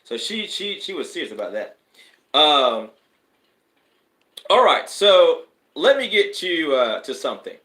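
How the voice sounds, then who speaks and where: A man hosting a live stream as a spiritual advisor, with a bright, forceful voice pitched a bit high. He rambles casually, then surges into emphatic, preacher-like bursts, and the sound rings in an echoey room. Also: big pitch swings, unhurried, long pauses.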